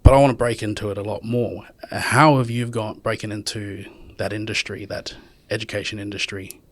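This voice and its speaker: A man's voice: lowish voice, fairly even intonation, moderate pace, no echo. A man hosting a casual podcast chat, asking questions and often restarting his sentences. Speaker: podcast host.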